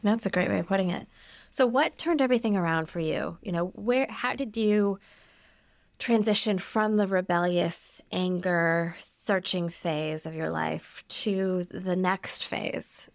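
A woman's voice: lowish voice, a little slow, gravelly, no echo, clean studio sound. A woman hosting a podcast interview, asking thoughtful, reflective questions. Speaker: podcast host.

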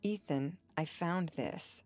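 A woman's voice: fairly low pitch, takes it slowly, darkish tone, faint music behind. Mattie, a woman reading a shy young woman. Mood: tender. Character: shy, tender young woman, gentle and sad.

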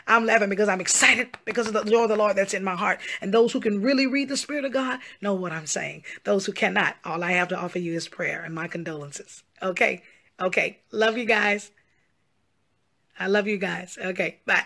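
A low-ish, sharp-toned woman's voice comes at a fairly quick clip. She's a pastor and gospel singer pleading with her followers directly on camera for social media, stressing her words, repeating herself frequently, and using "y'all" and "honey."

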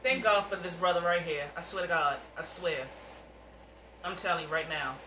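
A woman reacting to a TV episode, loud, profane and heated as she comments. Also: fairly low pitch, normal speed, echoey room, a little hiss or hum, low-quality recording. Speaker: reaction video host.

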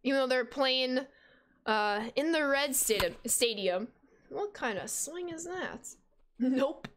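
High-voiced chatty young woman streamer. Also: slow pace, a little hiss or hum. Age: 20s. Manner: chatty, reads out and answers chat while playing; excitable, sudden high squeals of surprise. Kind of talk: casual game stream chat.

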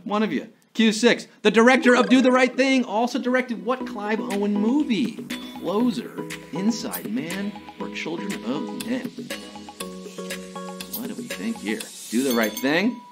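A man hosting a live trivia game, his voice fairly high and swinging widely up and down. He reads each question with playful jokes and theatrical asides. Light music plays behind him. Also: a bit bright. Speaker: quiz show host.

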